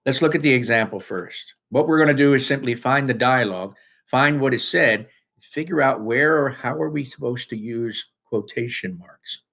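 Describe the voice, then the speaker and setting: A man teaching students through a worksheet, talking casually with frequent restarts and lively emphasis. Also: medium pitch, normal speed, gravelly. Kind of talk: recorded classroom lesson.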